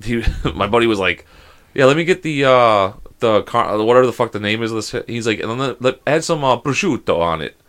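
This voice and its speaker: A man's voice: on the low side, animated, a little fast, few pauses, a bit bright. A young man co-hosting a casual podcast, telling rambling stories full of swearing and impressions of his friends. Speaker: podcast co-host. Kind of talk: casual chat, storytelling.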